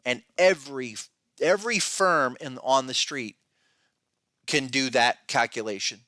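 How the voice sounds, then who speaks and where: A man hosting a podcast talks through his market views in a bright, edgy voice. He speaks emphatically and restlessly, breaking off and restarting his sentences. The sound is close and dry, with no room around it. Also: medium pitch, unhurried, no echo. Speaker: podcast host, trading educator. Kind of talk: casual podcast commentary.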